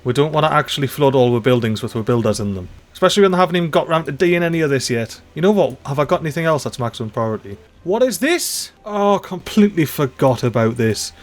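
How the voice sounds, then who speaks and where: Excitable man narrating his gameplay. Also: on the high side, fast talker, hardly any pauses. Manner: excitable, talks to the game characters; chatty, swears mildly, dialect slang. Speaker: let's play host. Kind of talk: casual gameplay commentary.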